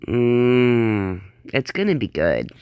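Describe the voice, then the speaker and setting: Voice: medium pitch, sing-song, slow, darkish tone, smooth, no echo, studio quality. A reaction channel host giving blunt, sarcastic and profane commentary on a clip.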